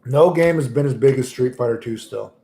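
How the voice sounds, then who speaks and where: A male livestreamer chats casually with his audience, rambling and joking crudely. His voice is average in pitch for a man, mellow with some vocal fry, and he speaks briskly.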